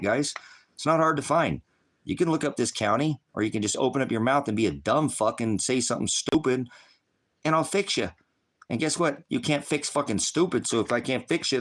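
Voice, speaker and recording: With a medium-pitched, slightly bright voice, an online preacher and streamer rants heatedly at his viewers during a livestream, swearing, hurling insults, and weaving in quotes from scripture.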